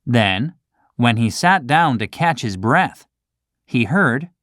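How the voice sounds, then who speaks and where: Slow, expressive woman reading a storybook. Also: very deep voice, no echo, studio quality. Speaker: narrator. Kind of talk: scripted storybook narration for children.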